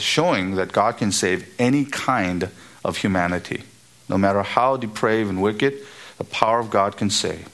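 A man preaching an expository sermon, emphatic and building to high, repeated exhortations. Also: fairly bright tone.

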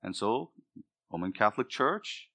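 A man's voice: fairly low pitch, very animated, measured pace, sharp tone. A male pastor preaching a sermon, with emphatic delivery that rises and drops for emphasis.

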